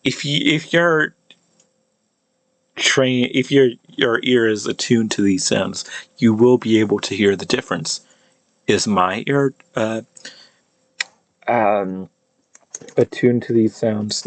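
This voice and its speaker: A man casually explaining pronunciation, thinking aloud with many halting restarts. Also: fairly low pitch, no echo. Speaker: language hobbyist explaining pronunciation.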